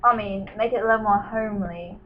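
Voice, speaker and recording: A young woman on a casual group podcast with playful, dark humor. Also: medium pitch, fairly even intonation, quick pace, distant mic. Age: young adult. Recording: dull, noisy.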